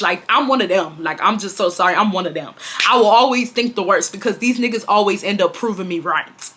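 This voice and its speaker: A woman's voice: medium pitch, pushed and bright. A woman in her twenties from Houston, Texas, telling a dramatic storytime to her viewers, swearing freely and calling them y'all. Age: 20s. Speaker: storytime vlogger. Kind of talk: casual storytelling to camera.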